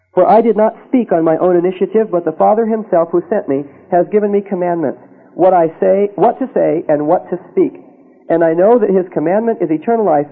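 A husky, fairly high-pitched man teaching from the Bible, reading verses aloud and pausing for a checking "Okay?". His voice comes through a thin, tinny radio broadcast. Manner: reads scripture aloud and checks in with frequent "Okay?". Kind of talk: sermon-style Bible teaching.

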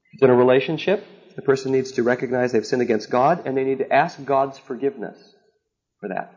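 Man preaching a teaching sermon, mid-pitch, keeps asking okay?, kinda dull lo-fi sound. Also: fast talker, a little mellow. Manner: earnest, repetitive, often checks in with "okay?". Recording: slightly dull lo-fi recording.

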